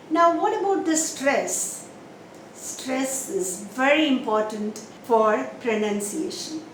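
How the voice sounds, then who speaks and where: A woman teaching English pronunciation, asking questions and answering them herself, and repeating example words slowly. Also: high voice. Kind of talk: pronunciation lesson. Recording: echoey room, mic a bit distant, faint noise.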